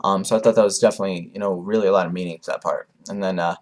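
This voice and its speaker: A young man giving a casual, rambling manga review, with lots of fillers and animated asides. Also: low voice, rapid-fire. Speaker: anime reviewer.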